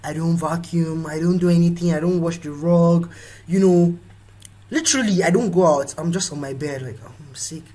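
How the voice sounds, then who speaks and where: A young man with a Nigerian accent delivers a motivational live talk, his voice a little husky and breathy. He speaks in an animated way and slips into playful voices for the people he describes. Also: a little high, moderate pace, rough recording. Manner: animated, acts out quoted voices. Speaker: host.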